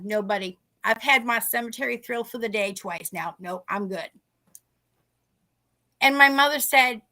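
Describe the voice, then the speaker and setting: A woman's voice: a little high, expressive, moderate pace, gravelly, sharp tone. A middle-aged woman telling a ghost story on a podcast in casual talk, acting out the people she quotes. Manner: acts out quoted people in dialogue. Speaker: guest telling a paranormal story.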